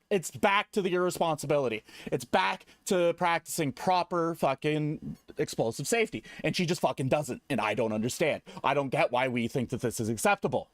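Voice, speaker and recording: A man's voice: on the high side, animated, normal speed, a bit bright, dry recording, clean studio sound. A man streaming, giving a mock-serious, profane comedy slideshow rant.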